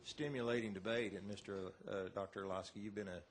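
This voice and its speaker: A man from the audience asking a question at a debate, halting and full of fillers. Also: on the low side, steady tone, a little hiss or hum. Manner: hesitant, halting, many fillers.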